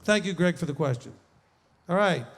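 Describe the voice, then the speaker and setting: Rabbi teaching a group; a man with a high voice, emphatic and joking, reverb-heavy tent sound. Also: expressive, normal speed. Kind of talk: lively teaching talk. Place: large tent with a live group.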